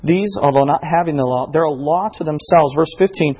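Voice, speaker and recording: Reading from scripture, a male preacher builds his sermon with climbing intensity, addressing his congregation head-on and dramatizing the questions he asks them. He speaks briskly in a somewhat high, husky, faintly breathy voice that comes across a little mellow.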